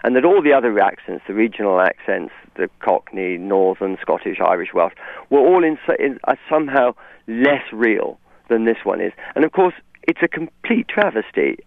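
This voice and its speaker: A man's voice: lowish voice, very animated, normal speed, creaky, no echo. A man with an English received pronunciation accent, a guest in a radio interview, articulate and discursive with frequent restarts. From England. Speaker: author guest. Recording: tinny phone line.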